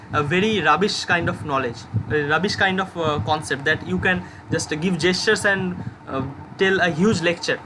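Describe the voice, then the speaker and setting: A young man with an Indian English accent teaching an online class, explaining with many "okay" checks and worked examples. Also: high-pitched. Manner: explains with repeated okays and supposed examples. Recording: background noise, passing vehicles.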